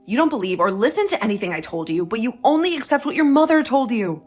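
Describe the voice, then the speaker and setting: A woman's voice: a little high, expressive, fast, darkish tone, faint music behind. A woman voicing a young wife who stands her ground, talking in an indignant, sarcastic way. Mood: indignant, defiant. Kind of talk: dramatized story dialogue.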